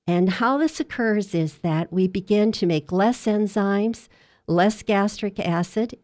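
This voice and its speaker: In a mid-range, slightly mellow voice, this woman shares a patient's story during an interview, earnest and measured in her telling. She works as a hospice dietitian.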